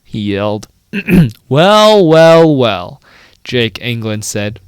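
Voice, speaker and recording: A man's voice: mid-range voice, sing-song, extremely slow, clean tone, no echo. A young man co-hosting a comedy podcast, reading a badly written fan story aloud, stumbling over its misspellings and breaking into banter.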